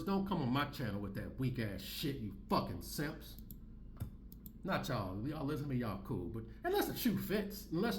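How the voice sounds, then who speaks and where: A man in his forties hosting his own channel, ranting in loud, profane, repetitive slang. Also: on the high side, reverberant, a little hiss or hum. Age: 40s. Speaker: commentary channel host. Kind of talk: ranting commentary.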